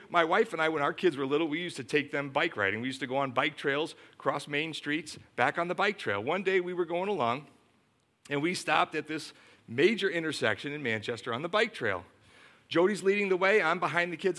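Middle-aged male pastor, slightly high voice, lively emphatic sermon delivery. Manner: animated storytelling, emphatic preaching.

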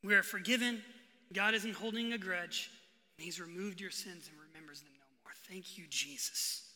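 A male pastor preaching a sermon in a hall with a long, ringing reverb. His voice sits high for a man and sounds very bright and cutting. He swings from forceful emphasis down to hushed, quiet lines. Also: normal speed. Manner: preaching with sudden bursts of emphasis and hushed drops. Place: church hall.

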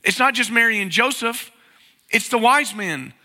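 A man's voice: very high voice, animated, moderate pace, bright, forceful tone. A man preaching a conversational sermon, asking the congregation questions and acting out inner voices. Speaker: pastor. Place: church sanctuary. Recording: long hall reverb.

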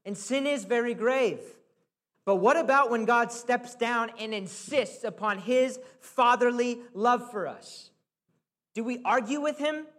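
A man's voice: extremely high pitch, measured pace, fairly bright tone. A male preacher giving a conversational, earnest sermon, often checking in with the listeners.

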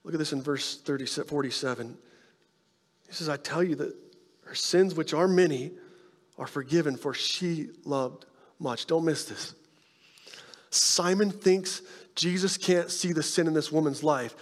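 A male pastor preaching a sermon, telling stories with animated energy and dropping to hushed tones to make his point. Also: a little high, measured pace, pauses often, big-room sound. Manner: animated storytelling, drops to soft hushed tones for emphasis.

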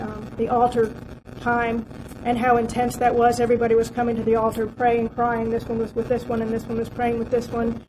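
A woman's voice: on the high side, noisy background. A woman sharing a heartfelt personal testimony from a church outreach, talking in a rambling way with many fillers and restarts.

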